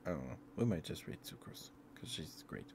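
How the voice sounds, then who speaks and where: A man with a low, deep voice chats casually with his stream viewers in a soft, unhurried ramble. He speaks close to the mic from a home streaming setup. A faint hiss sits under his voice. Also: very animated, vocal fry. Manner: laid-back, meandering, soft-spoken. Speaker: ASMR streamer.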